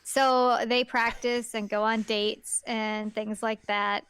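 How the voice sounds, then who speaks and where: A woman's voice: on the high side, flat delivery, takes it slowly, fairly bright tone, clean tone. A woman co-hosting a podcast in casual chat, talking in a chatty way and playfully acting out characters she quotes. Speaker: podcast co-host.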